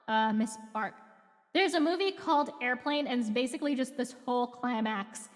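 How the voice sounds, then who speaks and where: A woman's voice: a little high, normal speed, long reverb tail. A young woman streamer chatting playfully between lines of a script she is reading on stream. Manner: playful, giggly asides.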